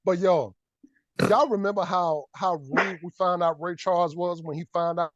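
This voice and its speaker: A man co-hosting a casual podcast, joking and bursting into loud laughter with his friends. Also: high-pitched, moderate pace. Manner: animated, loud laughing outbursts. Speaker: podcast co-host. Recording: dull lo-fi dry sound.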